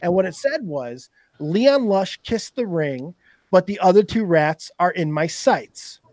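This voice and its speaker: A man in casual podcast chat, telling stories in a profane, animated way. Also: high voice, measured pace, dry recording, clean studio sound. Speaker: podcast guest.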